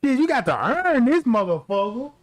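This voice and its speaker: A man with a country-sounding voice hosting a stream, ranting in a brash, profane, animated way. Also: very high voice, normal speed, no room sound. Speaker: livestream host. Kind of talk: casual ranting commentary.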